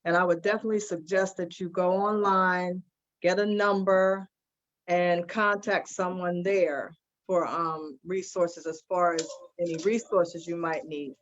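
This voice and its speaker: A woman's voice: fairly low pitch, fairly even intonation, measured pace, highs cut off. A woman who survived breast cancer, speaking on an online panel and earnestly recommending support resources. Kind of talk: panel discussion answer. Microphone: video call.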